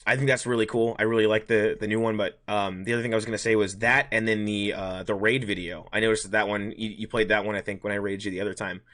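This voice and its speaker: A man's voice: lowish voice, flat delivery, fairly bright tone. A man hosting a podcast, rambling through a work story in casual chat and acting out both sides of the dialogue. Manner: fast, rambling anecdote with acted-out dialogue. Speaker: podcast host.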